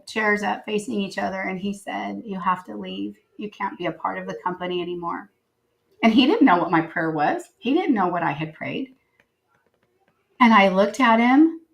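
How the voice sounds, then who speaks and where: A middle-aged woman, a podcast guest, telling personal stories in a casual, animated way and acting out the dialogue. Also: mid-range voice. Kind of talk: casual interview storytelling.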